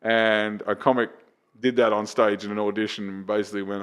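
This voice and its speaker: A man, a comedian chatting on a podcast and telling lively, profane anecdotes. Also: on the low side, a little fast, clear, resonant tone. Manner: animated, profane anecdotes with acted-out quotes. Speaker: comedian and open mic host. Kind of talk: casual podcast storytelling.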